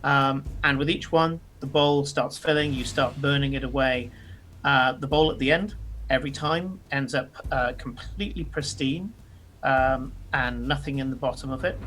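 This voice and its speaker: A man's voice: medium pitch, moderate pace, fairly bright tone, soft background music. A man narrating a tabletop role-playing game as game master, descriptive and full of fillers.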